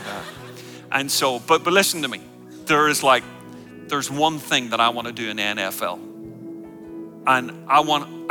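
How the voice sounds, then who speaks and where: A man delivers a humorous, energetic sermon to a church congregation. His voice sits high and cuts through with a tense, forceful brightness. Faint music plays softly underneath. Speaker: guest pastor. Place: church service before a congregation.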